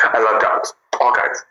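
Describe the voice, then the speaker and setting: A man chatting casually with viewers on a livestream, bubbly and giggly, in an animated way. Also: reverberant, dull audio, slight background noise. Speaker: livestream host.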